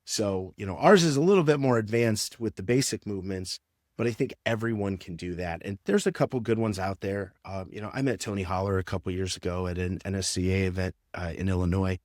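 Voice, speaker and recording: A man's voice: low-pitched, a little fast, darkish tone, dry recording, clean studio sound. A man who works as a strength and conditioning coach, explaining training in a casual podcast interview with lots of fillers.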